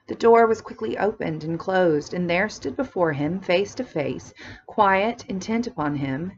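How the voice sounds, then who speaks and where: A woman's voice: on the low side, lo-fi sound, a little hiss or hum. A woman English teacher reading a classic novel aloud to her class, stopping now and then to explain it in plain words. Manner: reads steadily, then explains in casual slangy asides.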